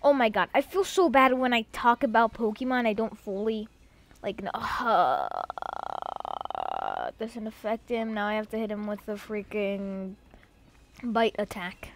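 A young woman giving casual let's-play commentary at home, excitable and rambling, with sudden loud outbursts. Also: fairly high pitch, unhurried. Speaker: gamer.

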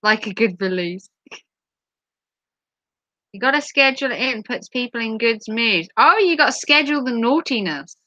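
A woman's voice: fairly high pitch, animated, normal speed, long pauses, bright, forceful tone, dry recording, highs cut off. A woman hosting a live stream, reading out viewer comments in a giggly, playful chat. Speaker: livestream host.

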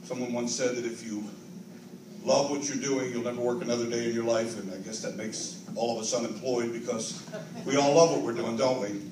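An older man delivers a grateful, earnest award acceptance speech at a large convention banquet, building to emphatic peaks. His mid-range voice is fairly even in intonation and a little fast. The distant mic picks up roomy hall echo, audible ambience, and a noisy background.

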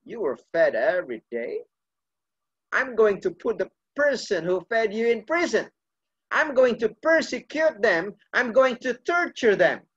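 Preacher voicing a mocking stout prison captain. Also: male voice, high-pitched, sing-song, measured pace, a bit bright, slightly rough, dull audio, full character voice. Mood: angry.

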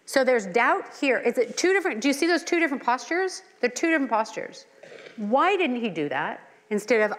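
A woman's voice: on the high side, big pitch swings, fairly quick. Earnest middle-aged woman leading Bible study. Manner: earnest, with personal asides and rhetorical questions. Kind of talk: conversational Bible teaching. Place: church hall. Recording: long hall reverb.

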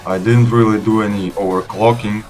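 A young man whose first language is Russian, giving a relaxed, rambling voice-over review of his gaming PC over gameplay, with casual restarts. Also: on the low side, normal speed, soft background music. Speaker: PC gaming channel host.

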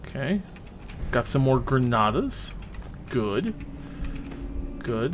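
A young man casually commenting on his gameplay, chatty and excitable, swearing freely as he plays. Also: medium pitch, measured pace, pauses often, a little hiss or hum. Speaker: let's play host.

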